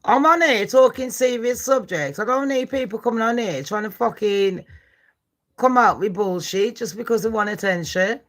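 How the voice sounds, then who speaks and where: A woman's voice: fairly high pitch, moderate pace. A woman, hosting a live stream and ranting, swearing and squaring up to commenters between true-crime chat. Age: 40s. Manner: foul-mouthed, confrontational, ranting at chat. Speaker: livestream host.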